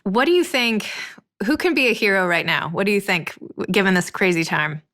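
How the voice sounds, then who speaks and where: A woman's voice: medium pitch, animated, fairly quick, a bit bright. A woman hosting a casual interview, asking enthusiastic follow-up questions. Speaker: host.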